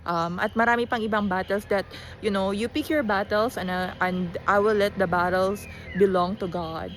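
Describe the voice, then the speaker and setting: A woman's voice: mid-range voice, steady tone, normal speed, fairly bright tone, slight background noise. Filipino woman rambling just after waking. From Philippines. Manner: rambling, frequent restarts and fillers, mixes in Tagalog phrases. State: just woken up. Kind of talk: casual rambling monologue.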